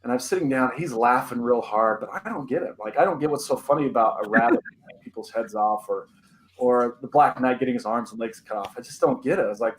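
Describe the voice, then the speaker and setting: A young man co-hosting a podcast, telling a personal spooky story in an animated, dramatic way with many "like" fillers. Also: mid-range voice, brisk, slight background noise, low-quality recording. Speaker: podcast co-host.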